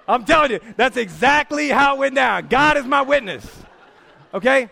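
Gravelly high-pitched preacher telling stories. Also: male voice, unhurried. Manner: animated storytelling, acting out scenes with shouts. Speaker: pastor. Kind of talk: sermon.

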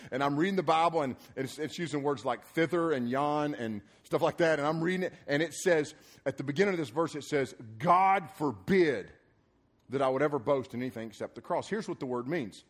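Male preacher, slightly high voice, rousing emphatic sermon with casual joking asides. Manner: energetic and emphatic, rising into loud repeated punchlines; loose, joking and conversational in asides. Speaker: preacher at a summer youth program.

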